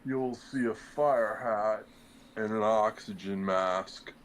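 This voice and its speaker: Over slight background noise and poor audio, a fairly low-pitched man speaks slowly. He is a middle-aged ex-firefighter on a podcast, casually rambling through a long tale while acting out the dialogue and filling it with fillers.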